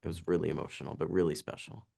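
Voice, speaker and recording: A man's voice: low voice, steady tone, creaky, dark tone. A man in his twenties, an actor giving an interview, chatting casually with lots of fillers and restarts. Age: 20s. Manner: chatty, halting, full of "like" and restarts.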